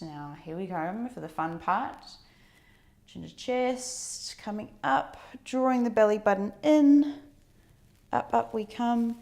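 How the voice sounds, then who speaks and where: A woman leads a workout slowly, her medium-pitched voice offering calm cues for breathing and movement. She sprinkles in chatty asides along the way.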